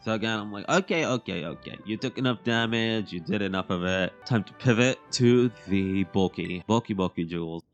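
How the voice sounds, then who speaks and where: A young man giving chatty, excitable let's-play commentary on a game, mocking himself as he goes. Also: lowish voice, moderate pace, hardly any pauses, highs cut off, faint music behind. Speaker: gaming commentator.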